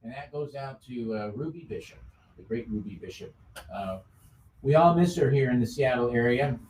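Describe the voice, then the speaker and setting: A man hosting a music show in casual chat, easygoing, with many filler pauses. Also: medium pitch, darkish tone, slight background noise. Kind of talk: casual chat about old songs. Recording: roomy sound from a distant mic.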